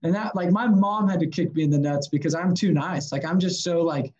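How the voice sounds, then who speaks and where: A sales consultant guesting on a podcast tells stories in a casual interview, his brisk voice on the high side and the highs cut off. He gets animated, swears some, and acts out the dialogue of people he quotes.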